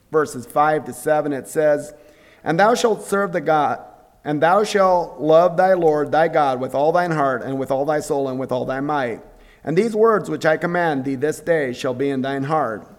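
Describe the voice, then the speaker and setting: A man giving a devotional sermon in an earnest, conversational way, often pausing to clear his throat. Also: a little high. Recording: long reverb of a hall.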